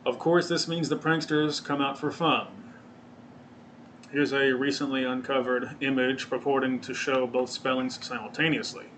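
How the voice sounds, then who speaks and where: On his solo podcast, this host speaks in a mid-range, slightly bright voice with flat delivery at normal speed, over a little hiss or hum. His casual talk rambles, gets profane and is full of self-corrections, recorded on a webcam or desk mic seen on video.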